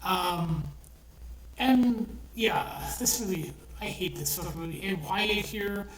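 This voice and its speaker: A woman's voice: lowish voice, slow pace. A woman giving a blunt, profane, exasperated movie review with lots of restarts. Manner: blunt, swears often, exasperated ranting with restarts. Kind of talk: ranting casual film review. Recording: echoey room, voice a bit far from the mic, faint noise.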